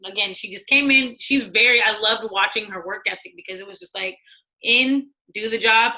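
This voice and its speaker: A woman with a bright, crisp voice tells a story in an easy, chatty way. She slips into other people's voices as she quotes them and laughs now and then. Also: mid-range voice, normal speed, low-quality recording. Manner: animated, acts out quotes, laughs often. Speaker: guest, former studio executive. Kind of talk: casual storytelling.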